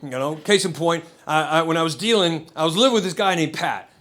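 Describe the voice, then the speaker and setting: A man's voice: on the high side, fairly quick, fairly bright tone. A man doing a stand-up set on a comedy club stage, telling a rambling, profane story and chuckling between lines. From United States.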